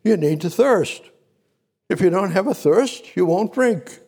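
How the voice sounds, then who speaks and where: A man preaching a sermon, repeating his points emphatically and rising sharply in pitch and volume to drive them home. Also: expressive, unhurried, husky. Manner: repetitive, emphatic preaching with sudden loud high rises.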